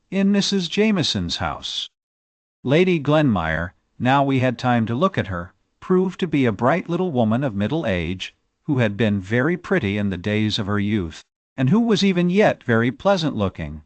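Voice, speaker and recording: A man narrating a classic novel as an audiobook, with expressive storytelling delivery on a close mic. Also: mid-range voice, dry recording.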